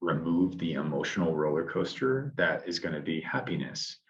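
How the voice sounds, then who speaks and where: Deep-voiced man on dull lo-fi audio. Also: expressive, moderate pace. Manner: reflective, thinks out loud with restarts. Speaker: podcast co-host and father. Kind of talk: casual podcast conversation.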